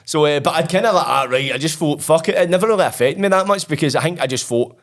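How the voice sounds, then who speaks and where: A man's voice: on the high side, fast talker. A Scottish man telling his own story as an interview guest, blunt and profane, acting out old conversations.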